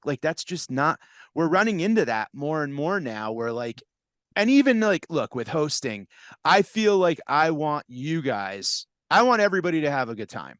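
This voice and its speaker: New comic hosting a podcast, acts out every voice, dry close mic. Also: male voice, on the high side, normal speed, no echo. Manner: animated storyteller, acts out voices. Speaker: podcast host and comedian. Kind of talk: casual chat.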